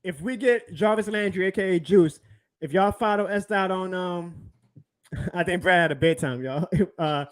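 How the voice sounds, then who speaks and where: A man's voice: sits high, normal speed. A man hosting a live sports stream, ranting with profanity and laughing often. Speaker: podcast host.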